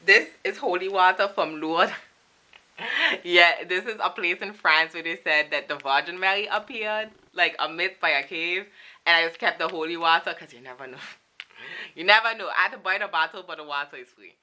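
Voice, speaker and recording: Chatty young woman with a bright voice. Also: on the low side, moderate pace. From Saint Martin. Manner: chatty, playful, laughing asides. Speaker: vlogger showing a souvenir collection. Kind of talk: casual chat.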